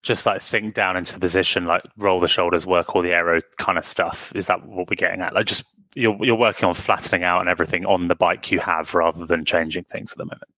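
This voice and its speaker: A man's voice: sits low, fairly even intonation, quick pace, sharp tone, no room sound. A man hosting a casual interview, asking rambling questions and cracking jokes. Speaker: podcast host.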